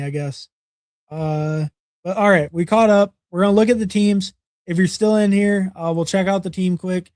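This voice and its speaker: A man's voice: high-pitched, darkish tone, no echo, clean studio sound. A young man hosting a livestream, casually reviewing fantasy football draft picks and rambling with lots of fillers and repeated words.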